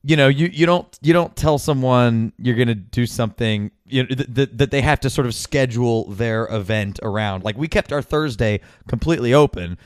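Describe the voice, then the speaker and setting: A man's voice: mid-range voice, normal speed, hardly any pauses, dry recording, clean studio sound. A man co-hosting a podcast, talking bluntly and sarcastically, swearing freely in casual chat. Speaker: podcast co-host.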